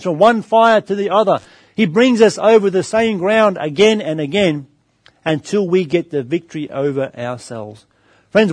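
A man's voice: high-pitched, no echo. A middle-aged man preaching a sermon, calling his listeners friends and asking them rhetorical questions. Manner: storytelling anecdote with varied pace.

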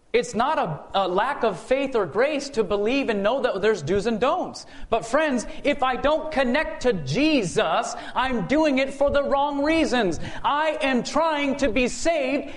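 In a church sanctuary, a man with a very high voice preaches a sermon, posing rhetorical questions to the congregation and calling for amens.

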